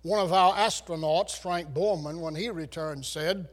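A man's voice: on the high side, unhurried, hardly any pauses. A man preaching a sermon, reciting scripture with dramatic, swelling emphasis.

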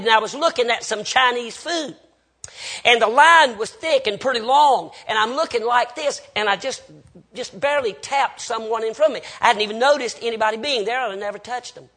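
A man's voice: extremely high pitch, a little fast, bright, forceful tone. A Baptist preacher man, telling folksy anecdotes with quoted dialogue in a storytelling sermon.

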